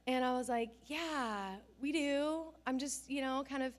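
A woman's voice: high-pitched, unhurried. A woman pastor preaching a conversational sermon, telling stories with self-deprecating humor.

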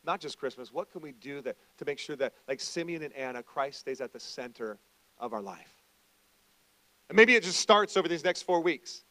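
A man with a notably high voice preaches to his congregation. His delivery is conversational, shifting between quiet, reflective passages and loud, emphatic calls. The sound is dry and close, with no room around it. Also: no echo, poor audio. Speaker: pastor. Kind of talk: sermon.

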